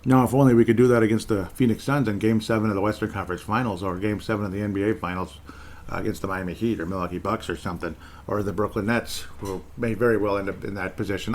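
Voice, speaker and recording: Man, low voice, casual sports chatter, rambling, jokey, slight background hiss. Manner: rambling, joking, self-correcting with short laughs. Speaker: sports podcast host. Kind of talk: casual solo sports commentary.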